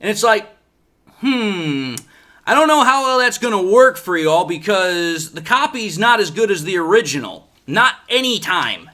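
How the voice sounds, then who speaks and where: Animated, bright-voiced sports talk man. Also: high-pitched, unhurried. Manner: sarcastic, animated, rhetorical questions. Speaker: sports podcast host. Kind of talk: opinionated sports commentary.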